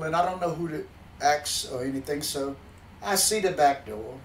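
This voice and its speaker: A man from the backwoods telling a folksy story in an animated, plainspoken way, often restarting mid-sentence. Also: on the high side, echoey room, distant mic, a little hiss or hum, low-quality recording. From backwoods countryside.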